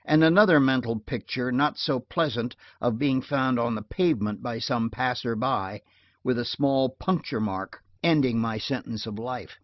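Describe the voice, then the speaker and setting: Male narrator, measured and wry, mid-pitched voice, dull lo-fi sound, dry booth. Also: dry recording. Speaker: audiobook narrator. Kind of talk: audiobook narration.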